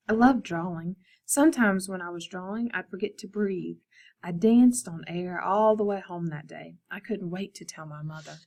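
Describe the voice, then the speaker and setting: Gravelly-voiced woman reading a storybook. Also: lowish voice, normal speed. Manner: expressive storytelling, addresses students directly. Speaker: art teacher. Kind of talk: reading a picture book aloud to students.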